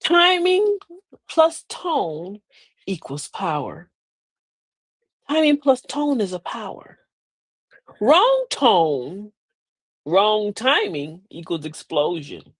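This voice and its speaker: A woman's voice: mid-range voice, huge pitch swings, very slow, long pauses, slightly rough, no room sound. A middle-aged woman hosting a live motivational talk, folksy and preachy, with emphatic delivery. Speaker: host.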